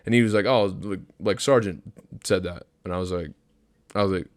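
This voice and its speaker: A man's voice: sits low, brisk, dry recording, studio quality. A young man, a podcast co-host, telling a story in casual chat, swearing a lot and acting out what people said. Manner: profane, animated storyteller acting out quotes.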